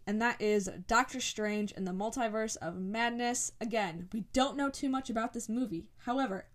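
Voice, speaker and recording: A young woman hosting a solo podcast episode in casual chat, talking in a rambling, excited way full of "like" and "um". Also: fairly high pitch. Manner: chatty and rambling, lots of "like" and "um", excited. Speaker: podcast host.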